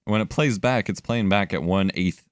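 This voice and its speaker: Young man, casual stream talk, low pitch, dry close sound. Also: normal speed, no room sound. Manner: animated, swears, thinks aloud. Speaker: livestreamer editing video. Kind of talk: casual live-stream chat.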